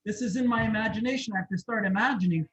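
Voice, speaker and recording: A man as a health coach leading a gentle self-love session, repeating soft questions to the group. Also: sits high, very fast, rough recording.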